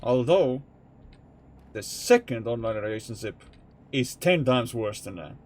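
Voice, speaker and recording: A young man talking to his live-stream chat from a home gaming setup. He speaks slowly in a mid-pitched voice, rambling and candid, and swears freely as he thinks out loud. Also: lively intonation. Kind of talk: casual live-stream chat while playing a truck game.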